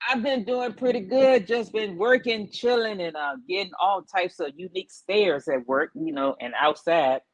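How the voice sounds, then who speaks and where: A man in his forties calling in to a casual chat, telling rambling stories in a relaxed, loose way. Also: high-pitched, moderate pace, few pauses, dry recording. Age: 40s. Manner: laid-back storyteller, loose and rambling. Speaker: caller.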